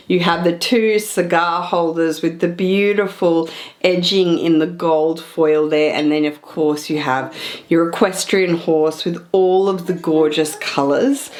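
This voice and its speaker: A woman in her thirties chatting casually to camera, showing off purchases with excited, drawn-out emphasis. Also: fairly low pitch. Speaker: fashion vlogger. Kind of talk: casual haul chat to camera.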